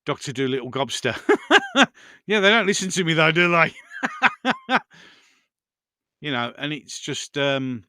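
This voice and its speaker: A man's voice: on the high side, expressive, moderate pace, long pauses, sharp tone, no room sound, studio quality. A man hosting a casual live stream, rambling through viewer comments and chatting to his pets.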